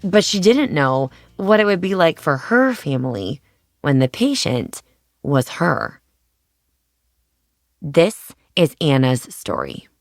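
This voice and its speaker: Low-voiced woman narrating over soft music. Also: very animated, slow, pauses often, no room sound, studio quality. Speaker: podcast host. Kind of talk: scripted narration.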